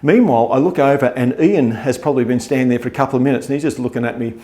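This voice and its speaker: An Australian man casually telling a wry, tall-tale story in a relaxed way. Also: mid-range voice, very fast.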